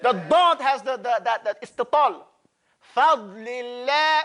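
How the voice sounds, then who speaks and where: A male teacher leads a live Quran recitation class. His voice sits very high and sounds bright and forceful. He drills students with short repeated phrases, slows way down to model each word, and slips in loose, joking asides. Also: big pitch swings. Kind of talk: classroom tajweed lesson.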